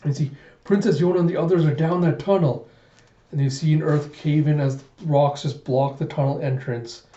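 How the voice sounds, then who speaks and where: A man retells a comic in an animated, casual way, quoting the characters with "he's like." His mellow, dark voice sits in a roomy space on a dull recording. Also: fairly high pitch, moderate pace. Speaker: manga reviewer.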